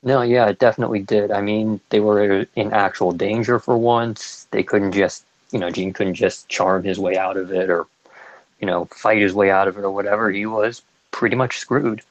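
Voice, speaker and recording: A man chatting casually on a podcast, relaxed and agreeable, often giving short replies. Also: fairly low pitch, moderate pace, no echo, lo-fi sound.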